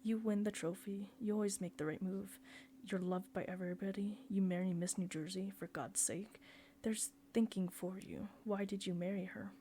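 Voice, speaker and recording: A woman's voice: mid-range voice, fairly even intonation, moderate pace, hardly any pauses, dark tone, slight background noise, lightly acted. A woman reading the part of a scornful middle-aged male surgeon who lectures and accuses his brother. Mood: taunting.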